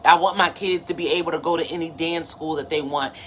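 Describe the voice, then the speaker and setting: A woman's voice: deep voice, steady tone, fast, fairly bright tone. A woman in her thirties hosting a motivational live stream, preachy and conversational, greeting viewers by name. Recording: faint background noise.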